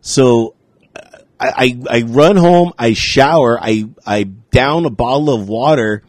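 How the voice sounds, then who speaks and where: A man telling a story in casual chat, animated and swearing, acting out what people said to him. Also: medium pitch, takes it slowly, dry recording.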